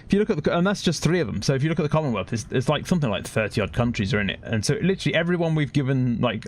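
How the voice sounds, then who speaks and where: A man's voice: medium pitch, animated, racing, hardly any pauses. Chatty British man rambling on stream. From Britain. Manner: rambling, chatty, laughs at his own points. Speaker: game streamer. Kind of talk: casual chat while gaming.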